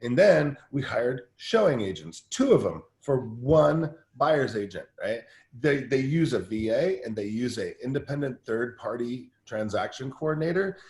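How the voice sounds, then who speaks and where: A man talking in a casual interview as a guest coach, telling energetic stories with lots of restarts. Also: medium pitch, reverberant. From Southern California. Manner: energetic, fast storytelling with many restarts. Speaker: guest team-building coach.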